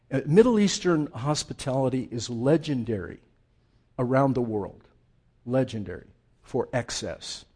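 A male pastor preaching a sermon, telling humorous family stories with lively, dramatic delivery. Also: mid-range voice, slightly rough. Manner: animated, humorous storytelling, dramatic slowdowns.

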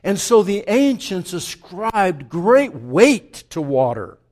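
Slow-paced but very animated, a high-voiced man preaches a sermon that moves from hushed reflection to loud, emphatic build-ups. He repeats phrases to underline his points.

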